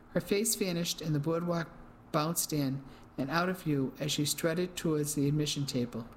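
Steady first-person audiobook narrator. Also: mid-range voice, moderate pace, slight background noise, rough recording. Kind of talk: first-person novel reading on a radio reading service.

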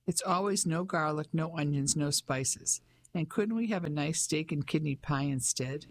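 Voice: medium pitch, moderate pace, close to an everyday voice. A narrator doing a friendly French cafe owner. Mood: amused.

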